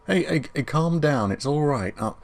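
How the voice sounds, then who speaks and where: A man's voice: a little high, animated, normal speed, creaky. A young man giving let's play commentary, sarcastic and exasperated, swearing freely at the game. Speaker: gameplay commentator.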